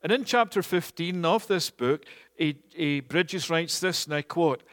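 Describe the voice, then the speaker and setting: Earnest preacher in a reverberant hall. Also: male voice, on the high side, fairly bright tone. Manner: measured and earnest, with frequent "eh" fillers. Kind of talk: sermon. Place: church, also streamed online.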